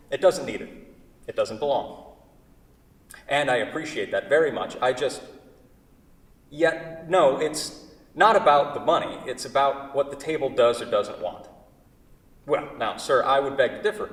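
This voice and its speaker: A man's voice: mid-range voice, a bit bright, close to an everyday voice. Man reading as a prideful furniture maker, prim, flustered, stubborn, echoey theater hall, heard from far off. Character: fussy, prideful male furniture maker artist. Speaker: community reader in a staged play reading. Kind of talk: staged play reading, one side of a phone call. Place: large indoor theater stage.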